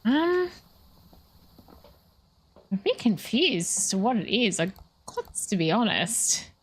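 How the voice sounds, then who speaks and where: A woman's voice: mid-range voice, sing-song, slow pace, breathy edge. A woman streaming a ghost-hunting game, thinking aloud and questioning the ghost. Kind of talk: live gameplay commentary.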